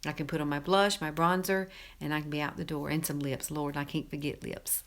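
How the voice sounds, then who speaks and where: A woman's voice: low-pitched, fairly even intonation, fairly quick. A middle-aged woman from Alabama with a Southern accent, hosting a casual makeup tutorial in a chatty, folksy way and repeating herself for emphasis. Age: 50s. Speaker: beauty tutorial host.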